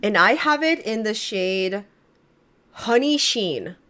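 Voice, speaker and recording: A young woman co-hosting a casual livestream podcast, playful and animated, gushing as she shows off beauty products. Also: medium pitch, takes it slowly. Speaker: podcast co-host.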